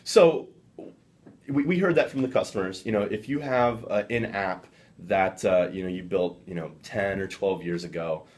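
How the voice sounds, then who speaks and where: A man interviewed as a software director, explaining at length in a measured way with frequent fillers. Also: sits low. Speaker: guest, software development director. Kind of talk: business interview.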